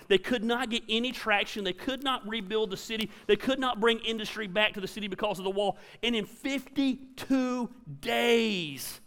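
A middle-aged pastor preaches in a church auditorium, his high voice pushed and bright, and the hall is reverberant. He speaks conversationally but emphatically, driving points home with punchy repeated lines.

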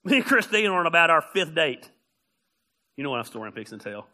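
A man preaching a sermon, telling funny stories and often raising his voice to a shout. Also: fairly high pitch, fast talker. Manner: animated, often shouting, storytelling. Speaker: pastor.

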